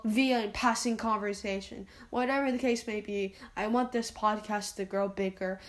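Woman, solo podcast host, rambling and self-deprecating, full of ums and restarts, apologetic. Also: medium pitch. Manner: apologetic, anxious asides. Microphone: home podcast mic, uneven volume.

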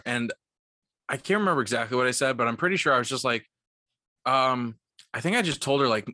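A man's voice: mid-range voice, fairly quick, pauses often, dry recording, clean studio sound. A young man in his twenties, a podcast co-host telling a story in a casual, profane way, full of "like". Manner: profane, animated, lots of "like".

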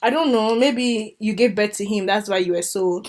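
A woman's voice: mid-range voice, moderate pace, a little mellow. A young woman co-hosting a casual chat, laughing through mock-offended banter. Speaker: podcast co-host.

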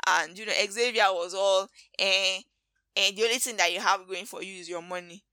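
A woman with a Nigerian accent, hosting a podcast and recapping movies in an animated, gossipy way full of slangy asides. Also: mid-range voice, moderate pace, dry recording. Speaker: podcast host. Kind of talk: casual movie recap chat.

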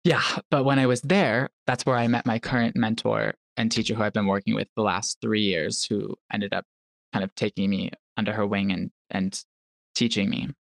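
A man's voice: lowish voice, moderate pace, gravelly, no room sound. A young man as a podcast guest, casually telling a personal story and acting out what people said. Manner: animated storyteller who acts out quotes.

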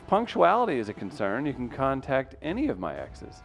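Male comedy host, joking and roasting, animated delivery. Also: medium pitch, fairly quick, gravelly, faint music behind. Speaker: radio show host. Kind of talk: casual comedy show banter.

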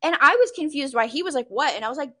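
Animated high-voiced young woman. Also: fast talker. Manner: animated storytelling, giggly, filler-heavy. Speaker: podcast co-host. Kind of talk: casual chat. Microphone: wearing a bald cap.

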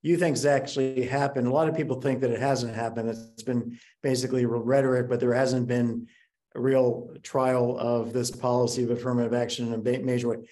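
Calm interviewing man, mellow voice. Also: mid-range voice. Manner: measured, pushing back calmly. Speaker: interview host. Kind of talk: interview conversation.

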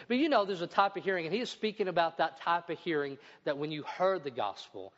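A man's voice: a little high, animated, quick pace, hardly any pauses, fairly bright tone. A middle-aged male pastor preaching a sermon in a church, reading scripture aloud and adding his own asides. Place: church building. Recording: dull sound with long hall reverb.

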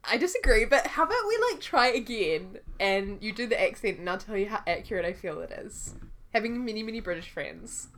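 Woman, podcast co-host, giggly, teasing, bright tone, animated pitch. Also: fairly quick. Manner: giggly, teasing, laughs often. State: recovering from illness. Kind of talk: casual chat.

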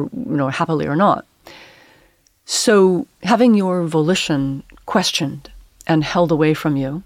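A woman who is a poet and English professor, speaking as a guest in reflective interview talk, pausing and searching for words in academic phrasing. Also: deep voice, no echo.

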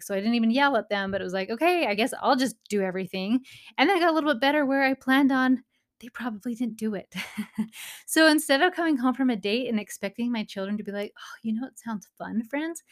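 Earnest mom-type woman in her 30s giving friendly parenting pep talk, casual and encouraging. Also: medium pitch. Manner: earnest, encouraging, speaks of faith. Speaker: parenting podcast host.

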